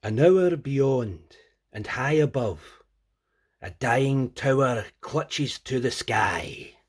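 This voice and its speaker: A man's voice: medium pitch, animated, husky, pitched above the performer's own voice, exaggerated voice. A man doing a mock Scottish verse reciter. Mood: mock-grand. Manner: slow, grand, declaiming.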